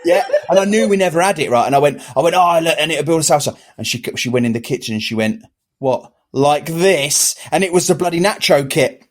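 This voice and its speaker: A man's voice: on the high side, expressive, quick pace, few pauses. A man co-hosting a casual talk show, telling stories animatedly with laughter and swearing. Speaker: podcast co-host. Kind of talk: casual banter.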